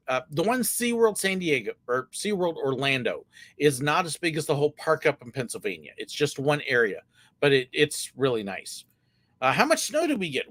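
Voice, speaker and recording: A middle-aged man chatting through viewer questions on a livestream. His voice is fairly high and very lively, and it swings up and down as he talks. The sound is dry and close, with no room echo. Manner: chatty, candid, frequent filler words. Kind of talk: casual live Q&A chat.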